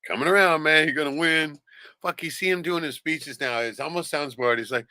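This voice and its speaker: A man's voice: medium pitch, lively intonation, fairly quick, pushed and bright, no room sound. A man giving sarcastic, profane commentary on video clips as the host of a streamed show. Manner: sarcastic, swears a lot.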